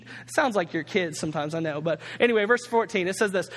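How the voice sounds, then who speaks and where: A man preaching with a high speaking voice, relaxed and conversational, dropping jokes between scripture readings. His voice carries a long reverb, as in a large church. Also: quick pace, hardly any pauses. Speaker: pastor. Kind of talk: sermon.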